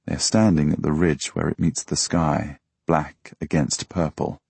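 A man reading a novel aloud in the first person, with measured, quiet storytelling. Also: extremely low pitch, steady tone, creaky, breathy edge, no echo. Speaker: audiobook narrator. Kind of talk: first-person scripted narration.

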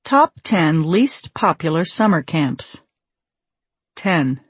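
A woman narrating her own memoir as an audiobook, with a wry, measured delivery on a close microphone. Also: lowish voice, slightly rough, no echo.

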